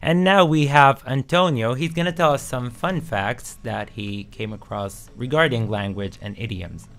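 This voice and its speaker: A man's voice: mid-range voice, moderate pace, fairly bright tone. A man from Palestine with Arabic as his first language, co-hosting a casual radio show in a playful, joking way. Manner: playful, laughs often. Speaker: co-host.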